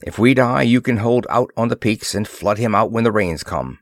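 A man's voice: fairly low pitch, normal speed, no room sound, natural voice. A man voicing a determined male expedition leader who talks bluntly and emphatically. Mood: firm. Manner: firm, clipped, emphatic speech.

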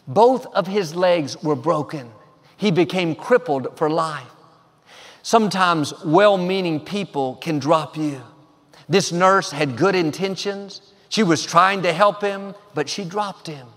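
High-voiced preacher man in a reverberant hall. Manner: emphatic, declaring affirmations with rising force. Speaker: pastor. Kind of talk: sermon.

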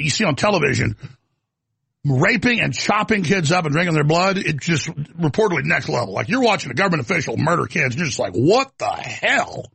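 A man hosting a talk show in a rambling, heated rant, with a gravelly, raspy voice. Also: sits high, a bit bright, no room sound.

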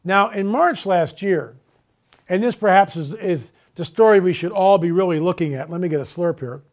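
A man's voice: sits high, moderate pace. A man hosting a radio talk show, speaking emphatically with repetitions and rhetorical questions. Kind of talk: casual monologue on air.

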